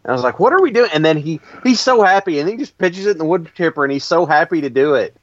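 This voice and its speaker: A man hosting a casual chat, telling stories with lively energy and frequent laughs. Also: fairly high pitch, fast, no room sound, lo-fi sound. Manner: animated storytelling, laughs often.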